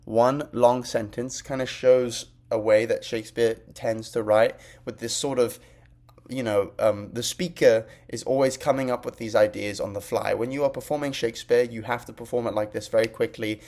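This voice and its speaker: A young man speaking to his class in a chatty, informal manner. He talks his points through as they come to him. His pitch sits in the ordinary middle for a man. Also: fairly even intonation, moderate pace, a little mellow. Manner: conversational, explaining on the fly. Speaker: student presenter. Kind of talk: class presentation.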